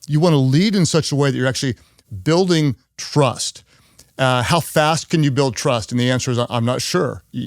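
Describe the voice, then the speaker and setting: A middle-aged man leads a leadership podcast as its host, with a voice of ordinary pitch for a man. He talks earnestly and says his key lines twice to drive them in. The sound is dry and close, with no room around it. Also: no echo. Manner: earnest, repeats key phrases for emphasis; acts out quoted people in higher voices. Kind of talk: leadership teaching talk.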